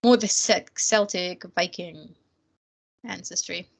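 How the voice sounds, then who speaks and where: A German-born woman whose first language is German, chatting casually on a podcast with quick, laughing asides. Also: fairly low pitch, creaky. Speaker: podcast co-host. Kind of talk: casual chat.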